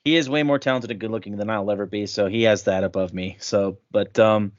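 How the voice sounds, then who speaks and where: A man's voice: on the low side, steady tone, brisk, no room sound. A man talks casually and makes self-deprecating jokes. His voice sounds dull and lo-fi, recorded dry and close. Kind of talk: casual chat.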